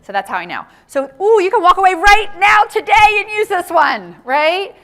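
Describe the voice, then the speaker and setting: A woman giving an interactive conference talk on workplace inclusion, animated and often checking in with the audience with a quick "right?". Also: very high voice. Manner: animated, tags lines with "right?" to engage the audience. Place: conference session room.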